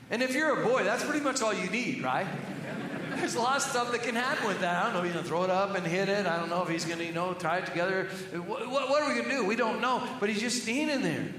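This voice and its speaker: A middle-aged man, a pastor preaching a sermon in a church, telling earnest stories and dropping to hushed tones for emphasis. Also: high-pitched, a little hiss or hum. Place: church sanctuary. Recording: echoey hall reverb with faint ambience.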